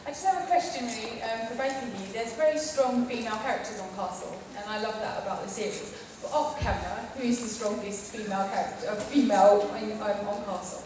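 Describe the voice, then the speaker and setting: Quick, polite fan woman, distant. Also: medium pitch, noisy background. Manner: hesitant, polite. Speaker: fan asking a question. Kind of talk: audience question. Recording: distant voice in echoey hall.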